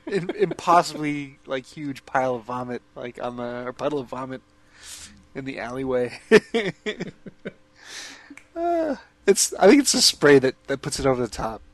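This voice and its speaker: Giggly higher-voiced man, dry sound. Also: sing-song, normal speed, no echo. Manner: giggly, rambling storyteller. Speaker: podcast co-host. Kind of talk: casual chat.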